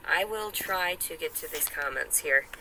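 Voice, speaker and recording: A woman talks to the camera in a casual vlog. Her tone is very bright and sharp. She rambles on and sounds self-important, with faint noise in the background. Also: low voice, moderate pace, poor audio.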